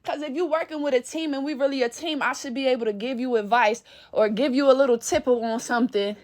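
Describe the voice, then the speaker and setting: A woman vlogger in a casual monologue rant, blunt and profane, telling everyday stories with animated energy. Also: sits high, quick pace.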